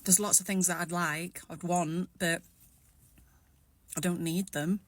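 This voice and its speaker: An English woman in her forties, musing aloud in a personal vlog. She talks in a rambling, reflective way and keeps steadying herself. Her voice sits a little low. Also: fairly even intonation, measured pace, no room sound.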